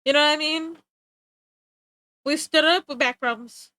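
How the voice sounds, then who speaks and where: Woman streamer, casual chat while drawing; high, sharp voice, animated and self-mocking. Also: no echo, poor audio. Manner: animated, joking, self-mocking, quick to laugh. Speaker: livestreamer.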